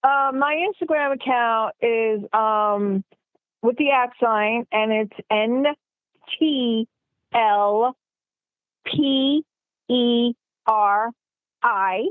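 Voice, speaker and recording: A woman's voice: on the high side, very slow, pauses often, dry recording. Chatty woman on a tinny phone line. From New York. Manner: rambling, heavy use of fillers like "like" and "you know". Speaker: guest actress. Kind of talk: casual interview chat. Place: remote call from home city.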